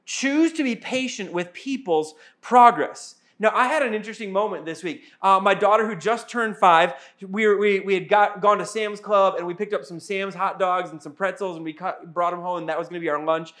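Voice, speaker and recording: Young male pastor, high-pitched voice, casual earnest sermon delivery, self-mocking humor. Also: steady tone, fairly quick, hardly any pauses, a bit bright.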